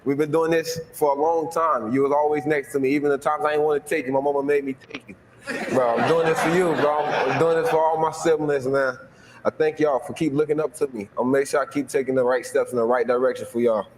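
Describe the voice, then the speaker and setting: A young man from Florida speaks from a stage in a big reverberant hall, his voice at an ordinary pitch. He gives a heartfelt, emotional acceptance speech in loose, casual slang and repeats his thanks. A faint hum of noise sits under the room echo. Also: fairly even intonation, quick pace. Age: young adult. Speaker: award winner giving a speech.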